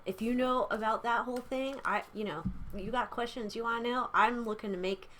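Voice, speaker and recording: A woman's voice: fairly high pitch, fairly even intonation, fairly quick, a bit bright, a little hiss or hum. A young adult woman hosting a casual tarot reading vlog from a small room at home, rambling and giggly. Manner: chatty, rambling, giggly asides. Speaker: tarot reader. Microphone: camera mic.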